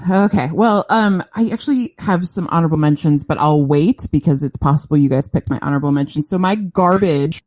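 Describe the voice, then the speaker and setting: A woman's voice: deep voice, brisk, few pauses, a little mellow, no echo. A woman guest on a podcast, opinionated and emphatic in casual chat, building up to a punchline.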